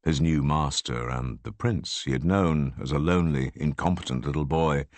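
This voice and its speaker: A man reading an audiobook, narrating in an expressive, measured way. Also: rumbling low, no room sound. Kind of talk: scripted narration.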